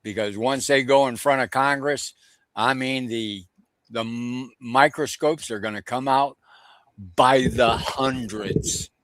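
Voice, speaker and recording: A man's voice: mid-range voice, steady tone, takes it slowly, fairly bright tone, dry recording. A man giving emphatic stream commentary, repeating his points for force.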